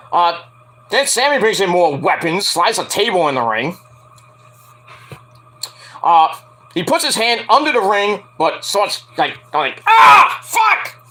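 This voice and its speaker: A high, lively male voice that swoops all over its range, with a bright, tense edge. He rambles through a wrestling recap, swearing freely and bursting into yelped impressions of the people involved. The delivery is loose and unscripted. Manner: profane, rambling, acts out quotes with yelps. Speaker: wrestling review host. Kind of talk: casual solo review.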